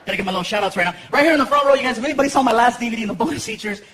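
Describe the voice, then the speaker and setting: A man doing stand-up comedy on a live stage, telling stories in an animated, playful way. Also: extremely high pitch, very fast, background noise. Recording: live show, loud crowd laughter.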